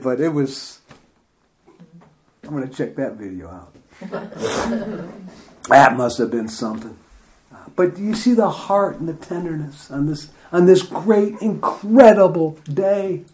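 A man leads a relaxed Bible study, reading verses and retelling them with eager, chatty enthusiasm and frequent laughs. He speaks slowly and unhurriedly, stretching his phrases out. His voice sits a little higher than most men's. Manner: enthusiastic, chatty, laughs often, slow and drawn out. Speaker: Bible teacher. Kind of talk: informal Bible study talk.

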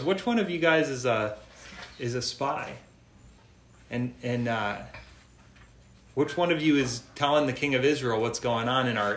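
Male preacher, mid pitch, reads scripture then chats it through; echoey room. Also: a bit bright, slight background noise. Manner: reads scripture aloud, then explains it in plain chatty asides. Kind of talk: Bible study sermon.

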